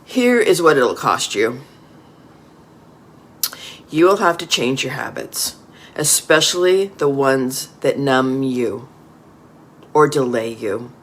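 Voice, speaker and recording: A man's voice: medium pitch, animated, takes it slowly, pauses often, a bit bright, a little hiss or hum. A man reading a scripted motivational speech in a firm, emphatic way.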